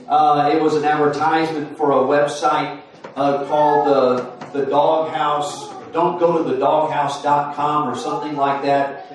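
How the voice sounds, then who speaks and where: A man in his forties preaching a sermon in a folksy storytelling way, full of fillers and restarts. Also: medium pitch. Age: 40s. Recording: roomy far-off sound with faint noise.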